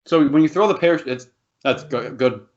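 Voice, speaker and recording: A man's voice: medium pitch, fairly quick. A man co-hosting a podcast, rambling and laughing through loose banter with plenty of swearing. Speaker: podcast co-host. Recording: dull lo-fi podcast audio.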